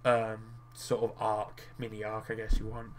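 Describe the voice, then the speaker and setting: A man's voice: fairly low pitch, completely flat delivery, moderate pace. A young man rambling in casual commentary while he plays a card game, swearing freely and restarting his sentences as he gets worked up. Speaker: gaming video creator.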